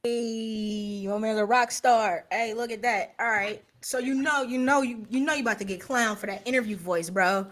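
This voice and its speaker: A woman's voice: fairly high pitch, normal speed, few pauses, a bit bright. A woman hosting a live stream, chatting casually in a joking, slangy way. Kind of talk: casual chat.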